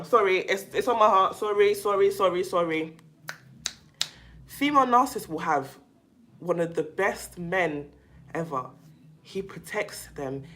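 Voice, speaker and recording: A woman talking straight to her viewers in a casual monologue, emphatic and animated, often calling the listener "baby" and repeating herself as she goes. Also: mid-range voice. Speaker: vlogger talking about narcissistic abuse.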